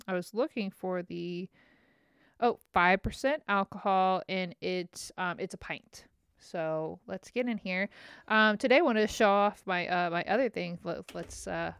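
A woman's voice: mid-range voice, smooth, no echo, studio quality. Chatty rambling woman podcast host. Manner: rambling, chatty, self-mocking. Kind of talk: casual chat.

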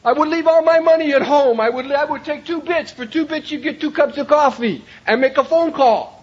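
An older man from Cleveland telling his own recovery story to a meeting, emphatic, swinging from shouts down to quiet lines. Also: brisk. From Cleveland, Ohio, USA. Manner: emphatic, raises voice to a shout then drops low. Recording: dull lo-fi recording.

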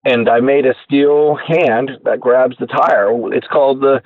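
A man telling his inventor story as a radio guest, animated and acting out the people he quotes, heard over a tinny phone line. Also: medium pitch, measured pace, no room sound. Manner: animated storyteller who acts out quoted voices. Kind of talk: casual storytelling interview.

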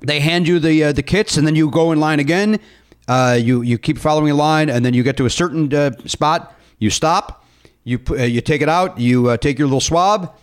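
A man's voice: on the high side, a little fast, smooth. A man hosting a casual chat, rambling with lots of fillers and jokes. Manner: rambling, filler-heavy, jokey. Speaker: podcast host.

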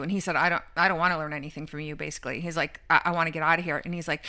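Woman with a lowish voice telling a long story, lots of ums and "he's like", chatty. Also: fairly even intonation, quick pace, sharp tone. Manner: rambling retelling with many fillers and "he's like" quotes. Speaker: podcast co-host. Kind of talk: casual storytelling chat.

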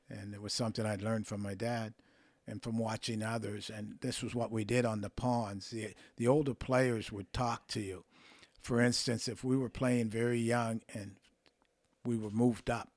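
An older man, a hockey coach, telling coaching stories in a measured way and acting out the people he quotes. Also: medium pitch, no echo. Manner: measured, acts out quoted voices. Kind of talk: relaxed interview storytelling.

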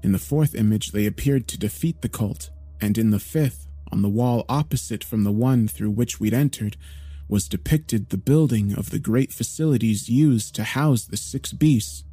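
A man narrating a horror story in a measured, grave storytelling manner. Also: mid-range voice, dark tone, no room sound, faint music behind.

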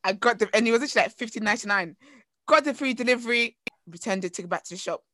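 A woman from England co-hosts a casual podcast, speaking in a bright, sharp, slightly high voice. She rants bluntly and sure of her opinions. The sound is dry and close. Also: very fast, no room sound. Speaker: podcast co-host. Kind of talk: casual chat.

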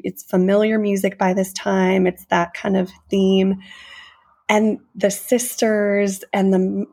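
Casual podcast co-host, a woman, warm-hearted and emotional, with a raspy edge. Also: medium pitch. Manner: earnest, emotional storyteller who gushes. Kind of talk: casual conversation retelling a film.

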